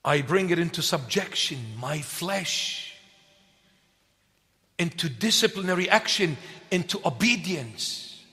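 A man's voice: a little high, lively intonation, takes it slowly, sharp tone. A man preaching a sermon, emphatic and repetitive, posing questions and answering them himself. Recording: long hall reverb.

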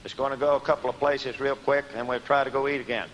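A man preaching a sermon, asking his listeners questions and answering them himself, swinging from emphatic outbursts to quiet, low asides. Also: steady tone, fast, slight background noise. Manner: rising to emphatic shouts on key words, then dropping low. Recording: long hall reverb.

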